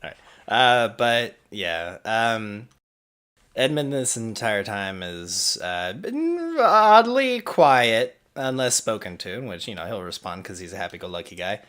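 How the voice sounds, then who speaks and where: A man's voice: fairly low pitch, very animated, unhurried, a bit bright. A man running a tabletop game as game master, narrating in a rambling, laughing way with lots of fillers.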